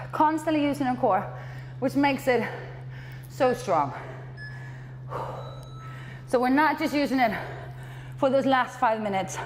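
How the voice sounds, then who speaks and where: A high-voiced woman leads a workout class, cueing each move and encouraging everyone. She is out of breath, speaking between exercises in a reverberant hall with a faint hum of ambience behind her. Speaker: fitness trainer.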